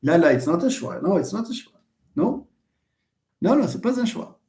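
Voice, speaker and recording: A man's voice: high voice, big pitch swings, a little fast, gravelly, darkish tone, reverberant. A Moroccan man lecturing on phonetics in a live online class, demonstrating sounds and joking with his students. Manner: switches between English and Moroccan Arabic, jokes with students, demonstrates sounds. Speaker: university lecturer.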